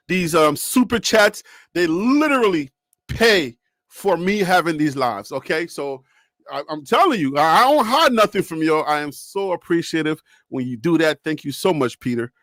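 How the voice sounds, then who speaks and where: A young man hosts a sports live stream from home, laughing often and talking right to his viewers. His voice sits high, and the sound is close and dry with no room echo. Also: a bit bright. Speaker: sports show host. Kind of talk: casual live-stream chat.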